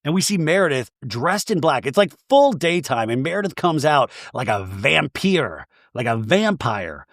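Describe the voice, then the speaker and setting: A man's voice: a little high, sing-song, normal speed, few pauses, dry recording, clean studio sound. A man hosting a comedy podcast, recapping a reality show in a playful, jokey way. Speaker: podcast host.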